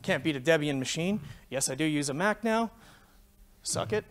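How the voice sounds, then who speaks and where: A man's voice: fairly high pitch, normal speed, slight background noise. A Canadian man in his forties giving a conference talk, telling a tech story full of swearing. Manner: swears freely, animated storytelling. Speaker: conference speaker. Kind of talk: profane anecdotal tech talk.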